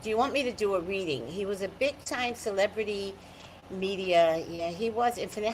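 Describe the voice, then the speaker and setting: A woman psychic chatting on a live stream, greeting viewers by name and giving her blunt, animated opinions. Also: medium pitch, moderate pace, a little hiss or hum, rough recording.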